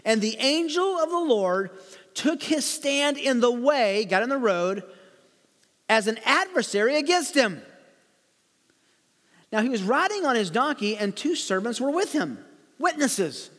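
A man reading and explaining a Bible story to children, with animated storytelling and light chuckles. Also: very high-pitched, a little slow, long pauses, long reverb tail. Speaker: preacher teaching children. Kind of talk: Bible lesson for kids, read-aloud with commentary.

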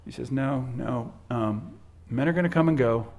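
A male pastor preaching a sermon, swinging from hushed, drawn-out words to loud emphatic lines, often repeating and restarting phrases. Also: mid-range voice.

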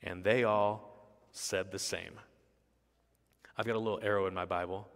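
Low-pitched male pastor, emphatic repetitive sermon delivery, long hall reverb. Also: level tone, moderate pace, creaky.

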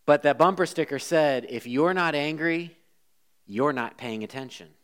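A man preaching a sermon as a pastor, swinging between loud emphasis and hushed asides. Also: fairly high pitch, normal speed, smooth.

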